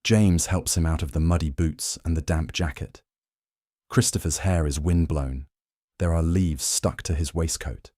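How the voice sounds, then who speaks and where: A man narrating a history story for sleep in a calm, slow, soothing scripted style. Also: a bass voice, no room sound, clean studio sound.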